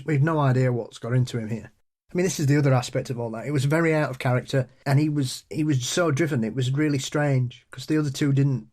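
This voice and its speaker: A man's voice: medium pitch, darkish tone. A middle-aged man, recounting a personal ghost story in a rambling, casual way, often restarting sentences and laughing at himself. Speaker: storyteller guest.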